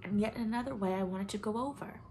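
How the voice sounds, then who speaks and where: A woman's voice: medium pitch, fast, dark tone, slight background noise, lightly acted. Woman reading as a young woman in shameful confession. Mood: anguished. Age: young adult. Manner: emotional, at times dropping to a whisper.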